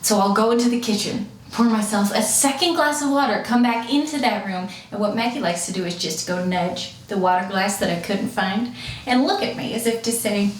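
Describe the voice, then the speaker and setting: A woman comedian doing stand-up, telling playful stories with lively swings in her voice. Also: fairly quick, slight background noise. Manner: playful, animated storytelling with swings in pitch. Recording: echoey room from far off.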